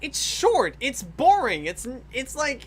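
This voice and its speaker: A man hosting a casual group chat while drawing on stream, animated and often laughing. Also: very high-pitched, unhurried. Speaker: streamer host.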